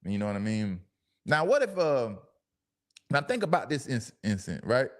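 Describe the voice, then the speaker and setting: A man hosting a talk show, giving casual, animated commentary on a clip with speech. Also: mid-range voice. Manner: animated, laughing, drawn-out emphatic asides. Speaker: show host.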